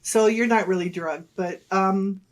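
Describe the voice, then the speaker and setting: Mãe hesitante, falando com muitas pausas. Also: female voice, mid-range voice. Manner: hesitant, rambling with many fillers. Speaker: guest, mother of the hosts. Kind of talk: casual chat.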